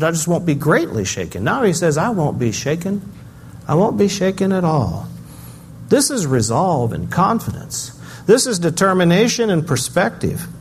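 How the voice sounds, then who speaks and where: An older man preaching a sermon, swinging between loud emphasis and quiet, reflective asides. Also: a little high, a little hiss or hum. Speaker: pastor.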